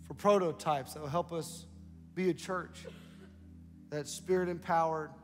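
Pastor guy preaching, fairly high voice, long church hall echo, faint music under him. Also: steady tone, a little slow. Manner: preaching with rising emphasis, repeats phrases. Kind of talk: sermon.

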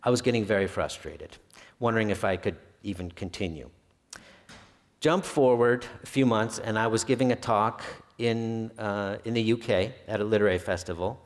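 A man's voice: fairly low pitch, normal speed. A male historian giving a public talk about his book, telling anecdotes in an easygoing way with occasional filler hesitations. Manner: relaxed storyteller with some filler hesitations. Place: library event hall. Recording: long reverb of a hall.

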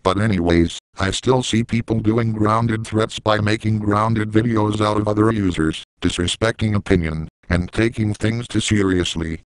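A man delivering a scripted rant in a flat, measured way. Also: fairly low pitch, clean tone, no room sound, low-quality recording. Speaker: YouTube ranter.

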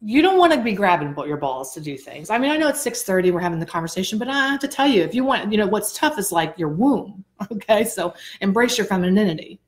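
A bubbly woman co-hosting a casual live self-growth chat, telling stories with frequent laughs and big pitch swings. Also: sing-song, fast, few pauses. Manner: chatty storyteller, sparks off tangents.

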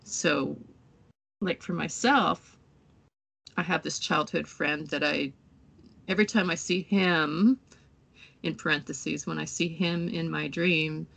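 A woman in a casual spiritual discussion, rambling and acting out quotes in excited voices. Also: sits low, slow pace, gravelly, long pauses. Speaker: co-host.

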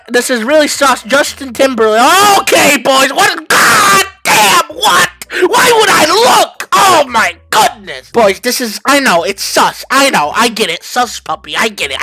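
A man hosting a comedic reaction video, talking to viewers as boys and fellas and breaking into yelps and shouts. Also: very high voice, no room sound. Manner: hyped, jokey, bursts into yelps and shouts. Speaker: YouTuber.

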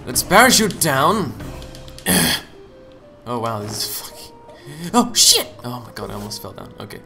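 A young man giving casual gaming commentary, joking, swearing and punning, with sudden loud outbursts. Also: mid-range voice, sing-song, measured pace. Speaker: let's play gamer. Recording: game music behind the voice. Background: game music.

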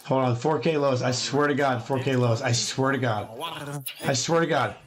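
A man streaming his gambling live, reacting with excitable, profane bursts of exclamation. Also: mid-range voice, moderate pace, crowd noise. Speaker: gambling livestreamer.

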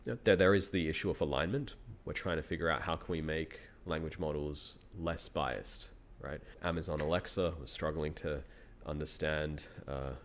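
A man's voice: a bass voice, fairly even intonation, normal speed, few pauses, slight background noise. A man in his thirties with an Australian accent, a university researcher talking as a guest in a casual interview, thinking aloud and laughing often.

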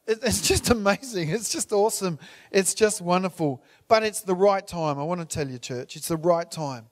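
A man's voice: sits high, moderate pace. A man pastor introducing a preacher to his church, emphatic and rallying.

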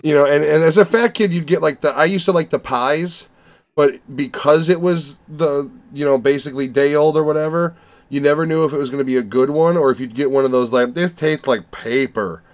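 A man's voice: on the high side, brisk. Profane rambling man reviewing movies. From Chicago area. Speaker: podcast host reviewing movies. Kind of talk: casual chat.

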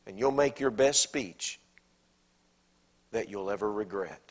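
A Southern American pastor preaching a sermon in a church, swinging from loud, emphatic lines to hushed, near-whispered quotes. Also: male voice, mid-range voice, animated, a little slow, long pauses. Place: church sanctuary.

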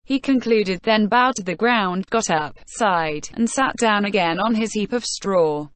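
A woman reading a classic novel aloud as an audiobook, in an even, unhurried way. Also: mid-range voice, no room sound. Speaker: audiobook reader.

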